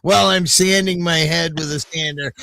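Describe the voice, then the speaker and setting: An older man hosts a loose livestream chat, drifting from story to story and cursing without a second thought. His voice sits a little high for a man, and the sound is close and dry, with no room around it. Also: pushed and bright, no echo. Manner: rambling storyteller, swears freely. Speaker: livestream host.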